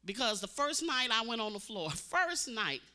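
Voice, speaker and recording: A woman preacher delivering a sermon as dramatic storytelling, swinging from loud cries to hushed, intense tones. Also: a little high, sing-song, normal speed.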